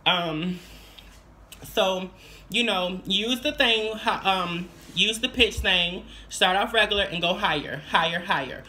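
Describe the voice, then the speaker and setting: A woman's voice: mid-range voice, slow, bright, forceful tone. Sassy, chatty trans woman vlogger. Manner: chatty, sassy, playful asides. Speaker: vlogger giving voice tips. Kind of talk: casual advice vlog.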